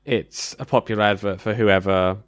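A man chats casually on a podcast, with a somewhat low voice. His sound is dry and close, with little room around it. He is laid-back and blunt, and often chimes in to agree. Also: fairly even intonation, normal speed, no room sound.

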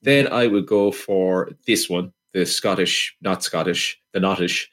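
A man with a lowish voice co-hosts a casual film chat. He gives dry opinions and trips over his words as he goes. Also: a little slow, fairly bright tone. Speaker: podcast co-host.

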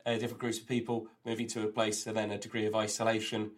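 A man's voice: fairly low pitch, completely flat delivery, quick pace. A man co-hosting a comedy podcast over a remote call, rambling enthusiastically through trivia with lots of fillers and restarts. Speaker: co-host. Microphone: remote call, recorded on own end.

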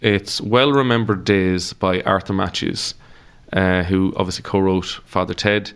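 Laid-back Irish man, lowish voice. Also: steady tone, a little slow, a bit bright, smooth. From Ireland. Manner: chatty, laughing storyteller, sweary. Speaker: comedian guest. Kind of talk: casual podcast interview.

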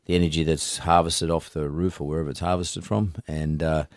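A man's voice: rumbling low, flat delivery, a little fast, dry recording, studio quality. An older Australian man hosting an interview, blunt and rambling with frequent restarts. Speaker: podcast host. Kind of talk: casual interview.

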